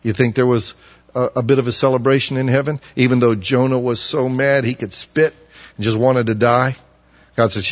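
Male preacher, mid pitch, dramatic when he voices the prophets, muffled sound in a reverberant hall. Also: steady tone, moderate pace. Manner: acts out quoted prophets in loud, pleading bursts. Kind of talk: sermon.

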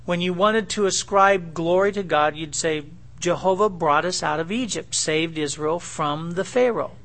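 Male pastor, high voice, emphatic teaching sermon with frequent check-ins. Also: normal speed, a bit bright.

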